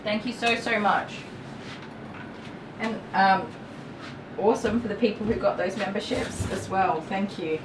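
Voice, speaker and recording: Woman, Australian accent, casual livestream chat, gentle with a dog, echoey room, camera mic away from her, noisy background. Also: medium pitch, moderate pace, recorded from a distance. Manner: chatty, thanking viewers and coaxing a dog gently. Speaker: dog groomer livestream host. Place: indoor dog grooming room.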